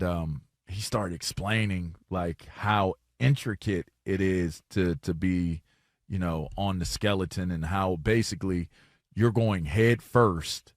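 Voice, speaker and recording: Low-voiced man chatting on sports radio. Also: no room sound, studio quality. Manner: rambling, repeats words while storytelling. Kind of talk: casual sports talk. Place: radio studio.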